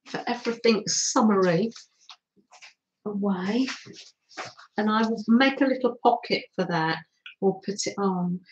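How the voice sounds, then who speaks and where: A woman's voice: medium pitch, a little hiss or hum, rough recording. An older woman hosting a casual craft livestream, gushing over her materials and answering viewers' comments as she works.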